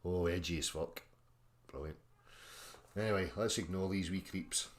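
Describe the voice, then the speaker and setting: A man's voice: deep voice, normal speed. A Scottish man hosting a livestream, reading out chat and mocking his critics in a sweary, combative rant.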